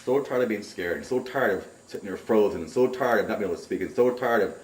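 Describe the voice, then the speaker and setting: A man recounting a camping trip in a rambling, excitable way, caught on a distant mic. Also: fairly low pitch, fast talker. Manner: rambling, excitable storyteller who acts out remembered shouts. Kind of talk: casual spoken recollection. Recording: roomy, distant home recording.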